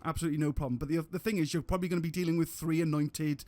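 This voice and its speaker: A man's voice: on the high side, flat delivery, fast talker, dark tone. Chatty man streaming a game. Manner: rambling with restarts, casual swearing. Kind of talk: gameplay commentary.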